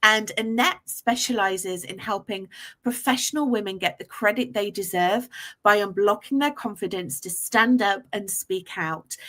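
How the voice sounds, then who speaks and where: Effusive woman hosting an online summit. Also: mid-range voice. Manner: warm, effusive introductions. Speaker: host.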